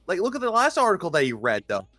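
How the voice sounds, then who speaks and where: A man's voice: high-pitched, wildly swooping pitch, fast, a bit bright, dry recording, clean studio sound. A man in a casual online voice chat, criticizing someone in an exasperated tone. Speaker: voice chat participant. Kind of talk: casual discussion.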